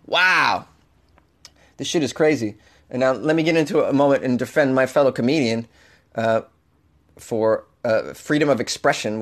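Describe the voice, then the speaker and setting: A man hosting a solo comedy podcast, animated and over-caffeinated, swinging from loud jokes to muttered asides. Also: medium pitch. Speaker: podcast host.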